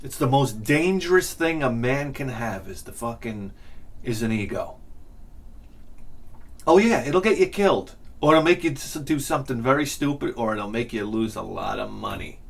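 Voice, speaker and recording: A man's voice: mid-range voice, expressive, moderate pace, vocal fry. A man hosting his show, telling a profane story in a casual rant and laughing along with it. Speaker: host.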